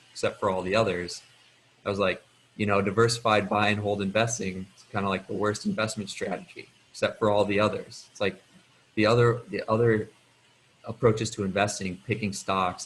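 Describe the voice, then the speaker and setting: Measured low-voiced male advisor, faint hiss. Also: a bit bright, poor audio. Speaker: financial advisor. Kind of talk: casual office-hours chat.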